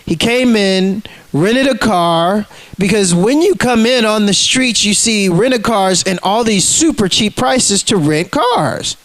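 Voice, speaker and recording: A man's voice: sits high, animated, a little slow, few pauses, fairly bright tone, rough recording. A man ranting casually to the camera, heated and profane, acting out the people in his stories. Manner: profane, heated, acts out quotes in scenes.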